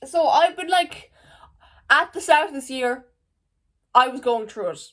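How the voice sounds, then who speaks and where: A woman's voice: high-pitched, lively intonation, measured pace, fairly bright tone. A teenage girl from Ireland, rambling to camera at home in a casual vlog, full of "like" and swearing. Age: teens. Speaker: vlogger. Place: at home, indoors. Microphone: camera facing her.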